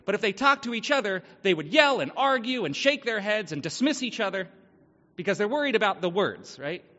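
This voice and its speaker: Male pastor, thirties, joking conversational sermon; slightly high voice, long hall reverb, dull sound. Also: big pitch swings, fairly quick, pushed and bright. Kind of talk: casual sermon.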